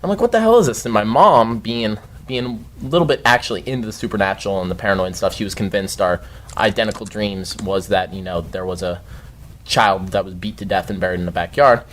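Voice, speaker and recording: A man telling a long story as a podcast guest, rambling and swearing freely and shouting the outbursts he quotes. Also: lowish voice, fairly quick, a little hiss or hum. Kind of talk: casual storytelling chat.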